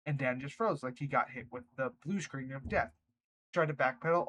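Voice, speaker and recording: A man's voice: mid-range voice, moderate pace, fairly bright tone, low-quality recording. Chatty man reading online stories. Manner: chatty, breaks off to react and laugh. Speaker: reddit story narrator. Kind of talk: reading stories aloud with casual commentary.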